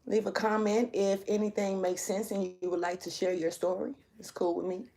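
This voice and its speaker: A woman's voice: medium pitch, fairly even intonation, moderate pace, warm tone. A woman giving a casual monthly astrology reading as a tarot reader, laid-back and rambling, laughing often.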